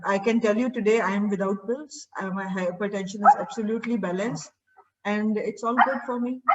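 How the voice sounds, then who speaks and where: A woman who teaches seed therapy, giving a personal testimonial and acting out remembered dialogue as she tells it. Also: mid-range voice. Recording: distant mic, dull lo-fi sound.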